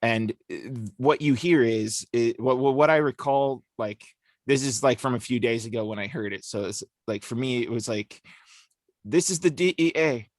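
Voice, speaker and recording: Mid-pitched male co-host, rambling explainer, dry close-mic podcast sound. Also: steady tone, normal speed, no room sound. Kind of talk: casual discussion.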